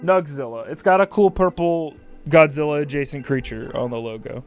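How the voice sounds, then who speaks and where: A male streamer chatting casually on a livestream while high, rambling and swearing casually as he reads chat aloud. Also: normal speed, few pauses, soft background music.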